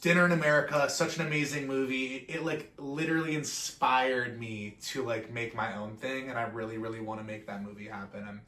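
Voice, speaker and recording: A man's voice: mid-range voice, moderate pace, hardly any pauses, reverberant. A man in his twenties giving a rambling, profane vlog intro full of tangents. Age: 20s. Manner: tangent-prone, profane, animated. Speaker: vlogger.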